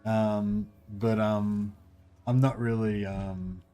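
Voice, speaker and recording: A man with an Australian accent chatting casually while streaming a game, speaking quietly and mumbling, tired and sore, into a desk microphone set behind his keyboard. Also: fairly low pitch, big pitch swings, slow, gravelly, soft background music. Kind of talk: casual livestream chat. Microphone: desk-stand microphone behind keyboard.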